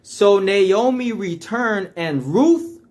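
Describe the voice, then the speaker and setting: A man leading a casual Bible study. He reads verses aloud in a raised voice, then explains them in relaxed slang and often checks in with "all right?". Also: sits high, slow pace. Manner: checks in with listeners with frequent "all right?" tags. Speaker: Bible teacher.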